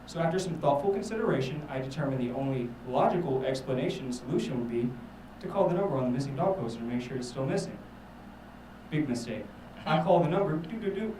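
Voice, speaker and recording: A man's voice: mid-range voice, expressive, very fast, warm tone, reverberant, distant mic, slight background noise, low-quality recording. A man doing a rambling, self-mocking stand-up set, swearing a lot. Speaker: stand-up comedian. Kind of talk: stand-up set at a live show.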